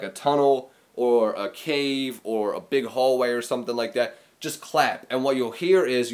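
A man hosting a casual music tutorial, talking loosely with lots of fillers and acting out sounds with his voice, recorded in a small room. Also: medium pitch. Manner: rambling, filler-heavy, demonstrates sounds with his voice. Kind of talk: casual explainer video.

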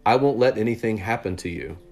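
A man voicing a gentle young male soldier ghost who speaks calmly and reassuringly. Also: fairly low pitch, a little fast, faint music behind, lightly acted. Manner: kind, calm and reassuring.

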